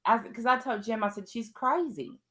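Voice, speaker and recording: A woman's voice: fairly high pitch, moderate pace, a bit bright. A woman co-hosting a casual chat show, retelling stories and acting out the quotes. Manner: acts out quotes in storytelling. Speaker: podcast co-host.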